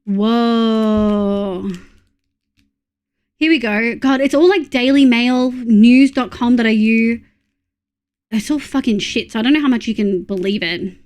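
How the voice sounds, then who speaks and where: A woman's voice: fairly high pitch, takes it slowly, pauses often, darkish tone. An Australian woman in her thirties chatting casually on a live stream, blunt and sweary, reacting to chat.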